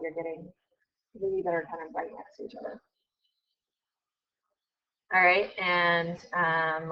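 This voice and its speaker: A woman teacher giving a casual classroom math lecture, chatty and often correcting herself. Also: fairly low pitch. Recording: dull lo-fi recording.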